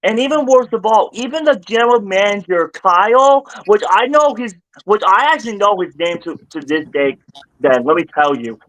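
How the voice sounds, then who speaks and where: High-voiced man rambling on a stream. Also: expressive, normal speed, low-quality recording. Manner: rambling, repeats and restarts phrases, gets louder and higher when worked up. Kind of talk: casual livestream chat.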